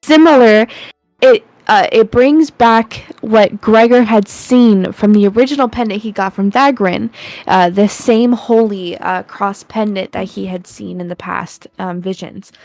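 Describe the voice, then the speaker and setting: A woman's voice: mid-range voice, unhurried, a little mellow, no room sound. A woman running a tabletop game as game master, talking hesitantly with many fillers and restarts.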